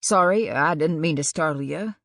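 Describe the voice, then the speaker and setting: A woman's voice: sits low, normal speed, vocal fry, a bit bright, dry recording, studio quality. A woman doing a genial middle-aged Kentucky man. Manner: folksy, easygoing drawl. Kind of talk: audiobook character voice.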